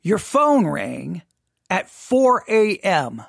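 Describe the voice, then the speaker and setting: A man's voice: high-pitched, sing-song, vocal fry, faint music behind. A man hosting a theology teaching podcast, telling a vivid, tense second-person story with repetition and restarts. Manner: vivid, repetitive, builds tension with restarts and pauses.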